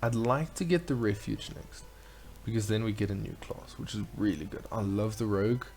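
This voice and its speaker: A man's voice: on the low side, moderate pace, vocal fry, a little mellow. A man hosting a let's play, chatting casually and reading game dialogue aloud in a playful way. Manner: chatty, playful, reads lines in silly voices.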